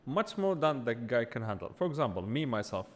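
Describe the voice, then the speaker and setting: Lively man with a roomy echo. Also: mid-range voice, a little fast. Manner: joking then earnest, animated opinions. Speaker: co-host. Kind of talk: casual podcast debate.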